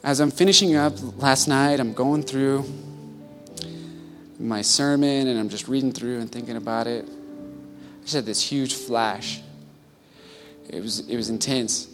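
A male pastor preaching in a church sanctuary, earnest and conversational. His voice rises to loud, pleading peaks and then falls back to quiet reflection. Soft music plays faintly beneath him. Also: medium pitch, steady tone, unhurried, long pauses. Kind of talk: sermon.

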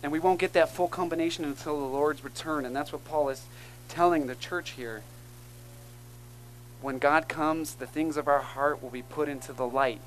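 A man's voice: fairly high pitch, steady tone, normal speed, a little hiss or hum, rough recording. A man preaching a sermon as pastor, earnest and emphatic, calling out to the congregation between points. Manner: earnest, emphatic preaching with call-and-response asides.

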